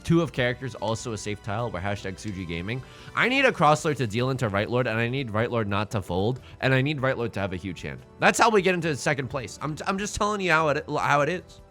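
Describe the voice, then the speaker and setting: An excitable young man talks through his game in a bright, lively voice that leaps up and down in pitch. He rambles, repeats himself and pokes fun at his own bad luck. Faint music plays behind him. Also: fast. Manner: excitable, self-deprecating, rambling with repeated words. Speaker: let's play host. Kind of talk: casual gameplay commentary.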